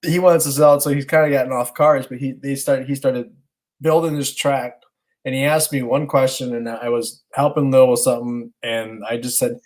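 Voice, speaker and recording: A man's voice: medium pitch, normal speed, low-quality recording. A man co-hosting a parenting podcast, telling a family story in casual chat and acting out his children's voices. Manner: animated storyteller, acts out his kids' lines. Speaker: podcast co-host, stay-at-home dad.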